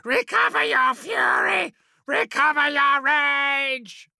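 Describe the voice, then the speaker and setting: A man voicing a savage male slave-driver who screams raspy orders at fleeing troops. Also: very high voice, slow pace, sharp tone, no room sound, shouting, clean studio sound, voice pushed up, exaggerated voice. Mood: screaming. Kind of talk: audiobook character voice.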